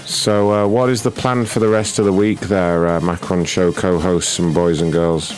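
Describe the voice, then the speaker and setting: Very deep-voiced mocking man. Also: moderate pace, soft background music. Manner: mocking, rude, deadpan insults. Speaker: prank call show host. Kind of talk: prank call livestream chat.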